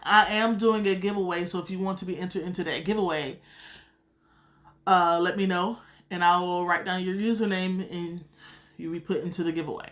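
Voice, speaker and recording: A woman's voice: fairly low pitch, steady tone, brisk, fairly bright tone. Blunt Southern woman reading tarot. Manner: blunt and profane, calls viewers sweetheart. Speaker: tarot card reader. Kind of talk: casual live-stream chat.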